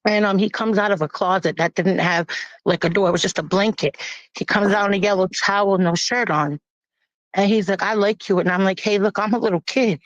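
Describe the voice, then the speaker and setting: Woman, mid-pitched voice, plain-spoken personal testimony, halting and grave, dry room. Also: fairly even intonation, no room sound. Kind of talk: personal testimony, casual storytelling. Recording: dull lo-fi, dry.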